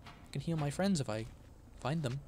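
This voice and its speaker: With background noise behind him, a gaming streamer with a slightly high voice plays a horror game at a moderate pace. He yelps and shouts when something startles him, then goes back to muttering quietly to himself.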